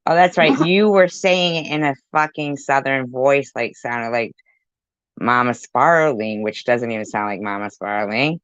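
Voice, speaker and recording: A woman's voice: a bass voice, a little slow, fairly bright tone, clean tone, dry recording. A woman hosting a commentary channel, mocking and sarcastic as she reacts to clips, swearing freely. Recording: dull lo-fi dry sound.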